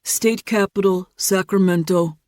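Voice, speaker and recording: A woman narrator voicing a literal-minded young man who repeats himself and recites facts in a flat, patient way. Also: fairly low pitch, unhurried, dry recording, studio quality, natural voice.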